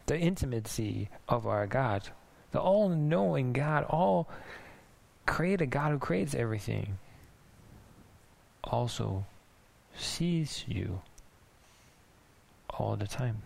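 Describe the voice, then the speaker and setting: A man preaching a sermon in a conversational, musing way, restarting thoughts and now and then laughing softly. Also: medium pitch, animated, slow pace, vocal fry, pauses often. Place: church in Denmark.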